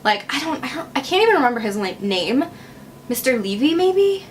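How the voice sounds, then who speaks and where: A woman's voice: high-pitched, sing-song, a little fast, slight background noise. A young woman from Wisconsin telling a personal storytime on her vlog, chatty and sarcastic, full of "like" fillers. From Wisconsin, USA. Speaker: vlogger.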